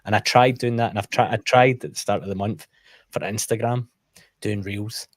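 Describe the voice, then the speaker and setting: A man's voice: lowish voice, fairly even intonation, moderate pace, no room sound, clean studio sound. A man chatting as a guest in a casual roundtable, candid and self-deprecating in his stories. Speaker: guest co-host.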